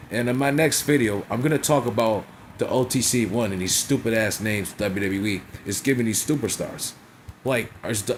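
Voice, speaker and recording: A man's voice: mid-range voice, slight background noise. A man casually recapping a wrestling show in a vlog, blunt and profane, constantly checking in with "right?" and "you feel me?".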